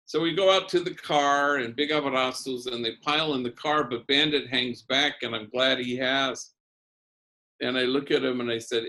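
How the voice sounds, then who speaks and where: Older priest telling a story. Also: male voice, medium pitch, moderate pace, pushed and bright. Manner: conversational storytelling, sprinkles in Spanish words. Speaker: priest and keynote speaker. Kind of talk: storytelling keynote sermon.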